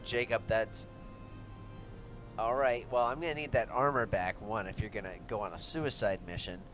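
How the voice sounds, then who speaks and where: A man voicing a blunt, protective male tribal companion who swears when exasperated, in a fairly low voice. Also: normal speed, fairly bright tone, faint music behind, natural voice.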